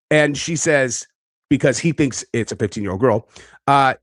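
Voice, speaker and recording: A man's voice: medium pitch, big pitch swings, moderate pace, no echo. Brash male online commentator, crude and cocky, dry close sound. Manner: brash, profane, boastful; talks in bursts with frequent fillers. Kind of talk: casual reaction commentary.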